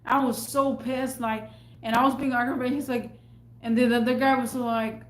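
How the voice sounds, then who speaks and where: A woman's voice: a little high, level tone, brisk, reverberant. A woman who works in a store, telling an agitated, cursing story with stammered restarts. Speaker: retail store worker. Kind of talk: ranting storytime vlog. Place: at work in a store.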